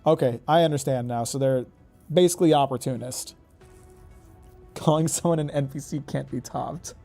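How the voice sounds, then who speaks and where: A man's voice: mid-range voice, moderate pace, gravelly, warm tone, faint music behind. A man streaming a game, rambling, joking and swearing as he thinks aloud. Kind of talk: casual live-stream gaming commentary.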